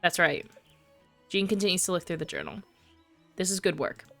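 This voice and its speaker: A woman voicing a reserved, quiet male baker who speaks in short, low-key lines. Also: moderate pace, faint music behind. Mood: dry.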